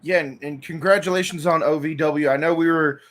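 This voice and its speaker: A man's voice: a little high, fairly even intonation, brisk. A man hosting an interview, asking questions in a laid-back, slangy way. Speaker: interviewer, host. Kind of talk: casual interview.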